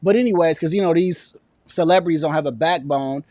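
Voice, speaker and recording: A man's voice: a little high, a little fast, a little mellow, dry recording. A man giving a political commentary rant as a vlogger, sounding indignant and sarcastic.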